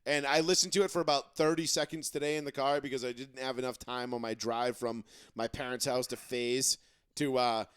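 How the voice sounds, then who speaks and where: A man's voice: mid-range voice, fairly even intonation, brisk, clean tone, dry recording, clean studio sound. A man in his thirties from Massachusetts, co-hosting a sports podcast in a profane, rambling casual chat full of restarts. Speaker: podcast co-host. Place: studio.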